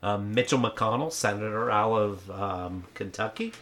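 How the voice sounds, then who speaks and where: A man's voice: fairly low pitch, measured pace, fairly bright tone. A man co-hosting a satirical podcast chat, playing it mock-earnest, agreeing emphatically and swearing freely. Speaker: podcast co-host.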